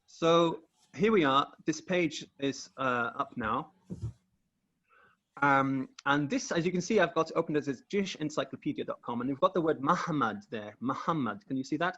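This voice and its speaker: A man's voice: mid-range voice, fairly bright tone, dull audio. A man walking through word meanings in a careful explanatory talk, often repeating words as he shares his screen on a video call. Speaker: guest researcher.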